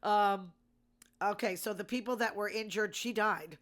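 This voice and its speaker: A woman talks through the news in a loose, casual commentary. She is indignant and sarcastic and keeps firing off rhetorical questions. Her voice sits at an ordinary middle pitch for a woman. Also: measured pace, a bit bright. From Massachusetts. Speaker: host.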